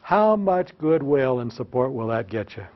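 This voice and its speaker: On a slightly dull lo-fi recording, a very animated man with a mid-range voice and moderate pace tells teachers joking, self-mocking anecdotes about his classroom. He also has the audience repeat phrases, making the lecture a mix of storytelling and call-and-response.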